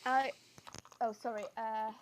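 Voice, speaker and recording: A woman playing a tabletop game, chatty and quick to apologise as she checks rules. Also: fairly high pitch, fairly even intonation, low-quality recording. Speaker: player. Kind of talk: casual tabletop play.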